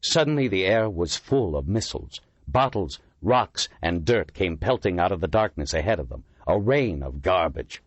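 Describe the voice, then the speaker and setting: Deep, husky male audiobook narrator. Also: animated, moderate pace, few pauses, dry recording, highs cut off. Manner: dramatic storytelling.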